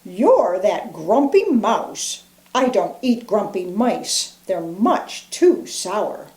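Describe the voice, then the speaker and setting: A woman voicing a wise old owl in a storybook, speaking slowly and knowingly. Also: medium pitch, very animated, a little mellow, roomy sound.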